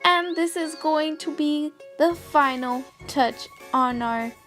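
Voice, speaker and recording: A woman's voice: high voice, slow, soft background music. A young woman giving step-by-step voice-over narration for a makeup tutorial. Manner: steady step-by-step instructions. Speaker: makeup vlogger.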